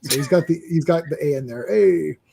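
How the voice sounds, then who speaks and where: A man hosting a casual comic book chat, excitable, with frequent restarts and laughter. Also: on the high side, brisk, creaky, breathy edge. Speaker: comic book podcast host.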